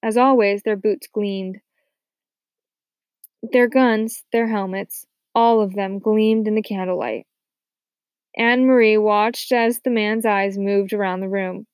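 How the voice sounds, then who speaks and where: Woman, audiobook narrator, mid pitch, steady soft-spoken reading, dry close recording. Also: takes it slowly, smooth, no echo. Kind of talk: scripted narration.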